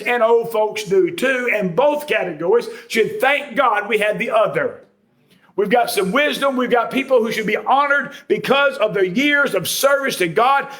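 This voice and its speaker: A man delivers a sermon in a folksy, conversational manner, slipping jokes and homespun stories into his points. His voice sits high for a man. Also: a bit bright. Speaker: preacher.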